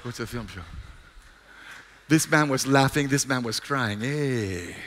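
A male pastor preaching a sermon, mixing jokes and sudden shouts with earnest calls. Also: medium pitch, a little slow, big-room sound.

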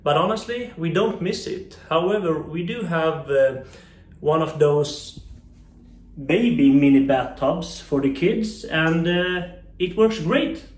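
A man from Sweden giving a short, relaxed comment with a few hesitations. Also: a little high, slow, reverberant. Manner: relaxed, brief, slightly hesitant. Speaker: friend of the vlogger. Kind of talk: casual comment.

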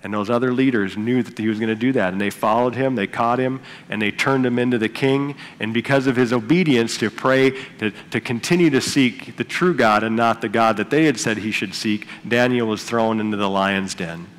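A male pastor delivers his sermon in an easy, conversational manner, pausing to retell Bible stories and toss asides to the congregation. His voice sits at an ordinary middle pitch for a man. It carries through a church sanctuary with a long, ringing reverb.

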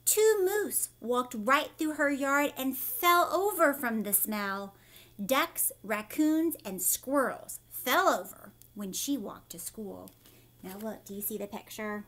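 A woman teacher reading a children's book aloud, animated and asking her young listeners questions. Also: fairly high pitch, slow pace. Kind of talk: read-aloud storytime for children.

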